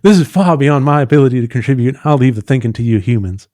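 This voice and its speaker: A man's voice: mid-range voice, lively intonation, quick pace, a little mellow, dry recording, clean studio sound, pitched above the performer's own voice, lightly acted. A man voicing a haughty talking pet that speaks in a lofty, aloof way.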